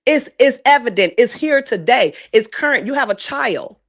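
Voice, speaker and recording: A woman talking on a live stream about reality TV, pressing each point with emphatic repetition. Her voice sits a little high, and she lays out her views slowly and deliberately. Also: expressive. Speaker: guest commentator.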